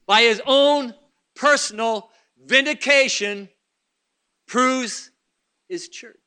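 A man delivers a sermon in a strikingly high voice with a sharp, bright edge. He swings between hushed, murmured stretches and fervent shouted bursts. He drives points home by repeating short phrases again and again. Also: very slow, pauses often, clear, resonant tone. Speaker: preacher.

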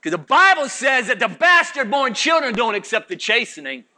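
Middle-aged male preacher, very high and piercing voice, shouts then drops low, mimics his flock. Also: sing-song, normal speed. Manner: swings from shouting to low intense murmurs; acts out congregation voices mockingly. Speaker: pastor. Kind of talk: fiery sermon.

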